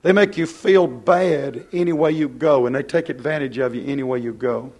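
A man preaching a plain-spoken, folksy sermon, swinging from loud to hushed. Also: medium pitch, moderate pace.

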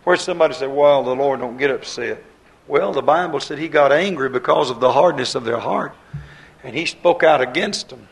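A man's voice: medium pitch, normal speed, gravelly, rough recording. A man preaching a sermon in a folksy, conversational way, repeating his phrases and using plain, homespun grammar.

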